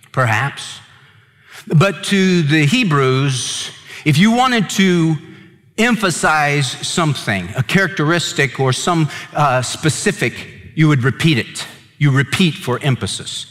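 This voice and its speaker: Male pastor, slightly high voice, emphatic sermon delivery, reverberant hall sound. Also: expressive, takes it slowly, a bit bright. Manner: emphatic preaching, repeats words for stress.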